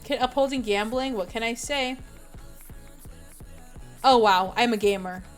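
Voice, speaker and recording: A woman's voice: on the high side, fairly even intonation, unhurried, pauses often, faint music behind. A young woman streamer chatting casually with her viewers, rambling with lots of fillers and giggles. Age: young adult.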